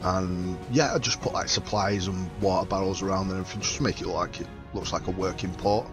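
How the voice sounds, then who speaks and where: A man's voice: low-pitched, quick pace, music in the background. A man giving a casual, rambling tour of his game build, full of likes and you-knows. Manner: rambling, filler-heavy, relaxed. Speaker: game video creator.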